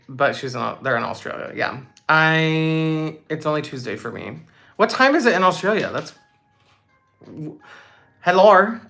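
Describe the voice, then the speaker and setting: A young woman hosting a casual livestream Q&A, reading out chat comments in a bubbly, chatty way with quick asides. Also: deep voice, fairly bright tone. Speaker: livestream host.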